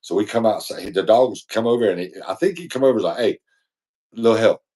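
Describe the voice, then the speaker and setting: A man's voice: fairly low pitch, animated, fast, mellow, husky. A man co-hosting a podcast, telling a long, rambling, slangy story in casual chat. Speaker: podcast co-host.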